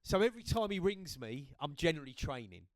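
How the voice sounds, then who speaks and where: A British man in his fifties tells stories with lively energy, often checking in with "right?" His voice sits a little high for a man. The recording is close and dry, with no room sound. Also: quick pace, no echo. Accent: British English. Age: 50s. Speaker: guest, host's father. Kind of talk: casual podcast chat.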